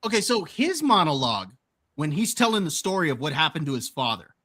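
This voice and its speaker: Bright-voiced man chatting about films. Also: a little high, very animated, brisk. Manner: repeats words when starting, quotes film lines. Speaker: podcast co-host. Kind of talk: casual movie discussion.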